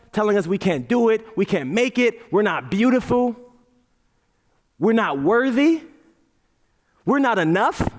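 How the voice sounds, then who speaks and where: Man, motivational speaker, lively pitch, slightly high voice, long hall reverb. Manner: animated, playful, leads the crowd in chants. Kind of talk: live motivational talk on stage. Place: large auditorium stage.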